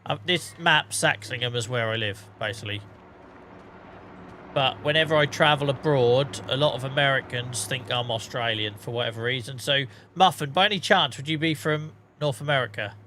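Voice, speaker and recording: A man's voice: mid-range voice, normal speed, pushed and bright, a little hiss or hum. A man with a Norfolk accent chatting casually to viewers as he streams a farming game. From England. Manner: chatty, talks to chat viewers, says mate. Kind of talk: casual live-stream gameplay commentary.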